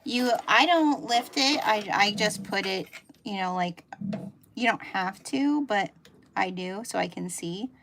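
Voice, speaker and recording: A middle-aged woman with a Pennsylvania Dutch accent, chatting as she sews through a live tutorial and thinks out loud about each step. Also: medium pitch, measured pace, vocal fry. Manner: chatty, thinking aloud while sewing. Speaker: sewing instructor. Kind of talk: live sew-along tutorial. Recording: noisy room with machine clicks.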